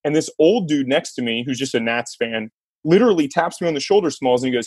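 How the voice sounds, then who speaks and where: A man hosting a podcast, telling a sports story in a lively casual way and laughing as he talks. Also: medium pitch, fast, husky, dry recording. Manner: animated storyteller, laughs mid-sentence. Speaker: podcast host.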